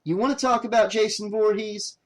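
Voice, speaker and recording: A man voicing a bitter survivor of a killer, talking gruffly and curtly. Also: high voice, fairly even intonation, fairly quick, voice pushed up, lightly acted. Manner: gruff, curt, angry.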